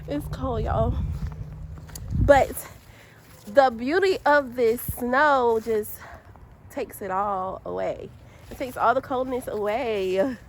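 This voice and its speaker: A Georgia woman with a fairly high voice records a chatty vlog on her phone outdoors in the snow in a parking lot. She laughs, seems cold and slightly winded, and there's slight background noise.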